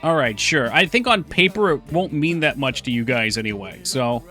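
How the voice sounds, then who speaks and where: A game developer talks casually to his stream chat, wandering from thought to thought as he works. His voice sits in a middle register with a bright, forward edge. Faint guitar music plays underneath. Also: mid-range voice, expressive, normal speed. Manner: rambling, thinks aloud, reads chat.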